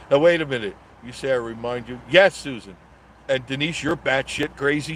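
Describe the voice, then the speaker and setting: A man's voice: medium pitch, normal speed, a bit bright, slight background noise. A middle-aged man hosting a casual live stream, reading viewer comments aloud and rambling through jokey banter with frequent chuckles.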